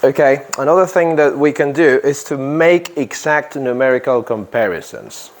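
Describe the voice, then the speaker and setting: A man teaching an English grammar lesson in a classroom, speaking deliberately, stressing key words and quizzing his students. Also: mid-range voice, lively intonation, a little hiss or hum.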